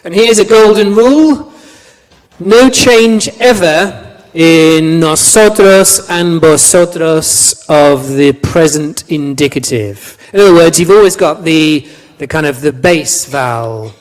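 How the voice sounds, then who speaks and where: Slow and fairly high in pitch, a man lectures a language class, chatting, repeating words and asking his students questions. The room is a lecture hall, and its long reverb is clear on the recording.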